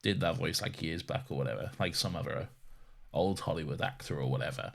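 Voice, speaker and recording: A man's voice: rumbling low, a little fast, creaky. A man co-hosting a podcast in casual film chat, swearing freely, ranting and laughing often. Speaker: podcast co-host.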